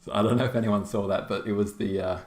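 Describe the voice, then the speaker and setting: An Australian tournament caster hosts a game tournament stream, talking fast in a fairly low, slightly mellow voice with fairly even intonation. His casual live-stream chat is chatty and rambling, full of laughter and fillers, and the audio has a roomy echo.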